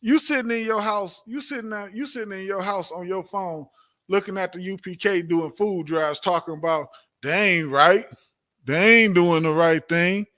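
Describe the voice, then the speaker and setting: A man leads a religious class in a preaching style, driving his points home by repeating them and tossing out rhetorical questions. His voice sits high and rings bright and forceful. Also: moderate pace.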